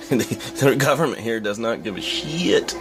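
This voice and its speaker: A man's voice: mid-range voice, expressive, a little slow, music in the background. A young man talking in a casual, profane, rambling rant as a vlogger. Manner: profane, blunt, rambling with fillers. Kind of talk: casual ranting monologue.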